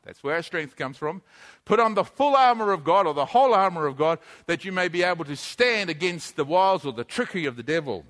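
A man preaches with rising energy, calling out lines for his congregation to echo back and raising his voice to a shout. His voice sits high for a man and has a bright, forceful edge. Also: a little fast. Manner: energetic, leads call-and-response, often shouting. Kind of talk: sermon with congregation participation.

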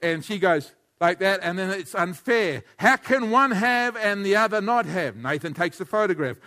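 Man, pastor, sermon, animated, hushed to near-shouting, chuckling, high voice, bright tone. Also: moderate pace. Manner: chuckles often between points.

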